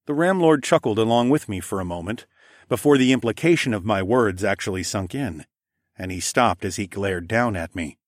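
A man reading an audiobook chapter in first person, steady and expressive. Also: on the low side, moderate pace, no echo, studio quality. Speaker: audiobook narrator. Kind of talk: scripted first-person narration.

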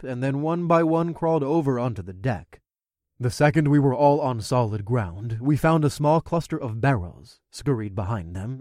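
A man narrating a first-person fantasy story in an expressive, conversational storytelling manner. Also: mid-range voice, no echo, clean studio sound. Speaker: audiobook narrator.

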